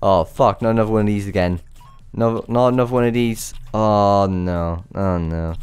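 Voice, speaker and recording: A man playing a stressful game and commenting, swearing and yelling frantic exclamations as he goes, sounding out of breath. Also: lowish voice, moderate pace, clean tone, dry recording. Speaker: gaming channel host. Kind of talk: let's play commentary.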